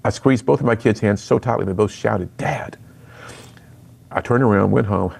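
Gravelly-voiced man telling his story. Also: on the low side, moderate pace, darkish tone. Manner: earnest storytelling, acts out quoted dialogue. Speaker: youth speaker and author. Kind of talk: personal testimony in an interview.

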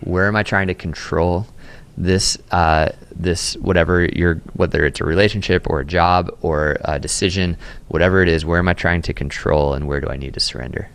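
A man's voice: low-pitched, steady tone, fairly quick, vocal fry, a bit bright, clean tone. A man who is a pastor, talking earnestly in a casual interview and often repeating words as he thinks aloud. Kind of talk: conversational podcast interview. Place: Austin, Texas.

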